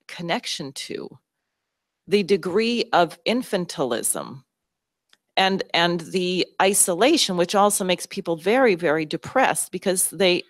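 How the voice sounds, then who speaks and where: Intense woman talking to a town hall crowd, low voice, dry sound, lots of restarts. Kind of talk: public talk to an audience.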